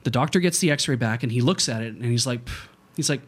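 A man's voice: medium pitch, fast talker. A man casually telling a childhood story on a podcast, acting out the voices of people in it and laughing often. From Canada.

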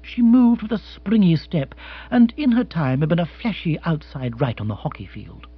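A man narrating an audiobook in an expressive, measured way. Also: a little high, husky. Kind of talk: scripted narration. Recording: dry, slightly dull audiobook.

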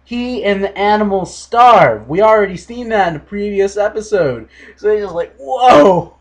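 A young man hosting a casual solo podcast, ranting with animated, exaggerated mock quotes. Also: high voice, moderate pace. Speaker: podcast host.

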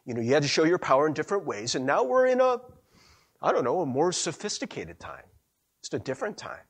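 Delivering a sermon, a young male pastor spins stories chattily and with animation, breaking into frequent laughs. He speaks fast in a husky voice that's a little high.

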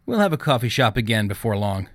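A man voicing a calm, self-assured young woman of nineteen in an audiobook, speaking in an even, composed way. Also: fairly low pitch, quick pace, no room sound, studio quality.

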